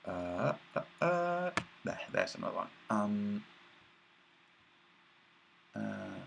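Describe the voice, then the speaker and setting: A man's voice: lowish voice, big pitch swings, extremely slow, gravelly, background noise. A man hosting a casual livestream, reading chat messages aloud in a rambling, mocking way with many filler sounds.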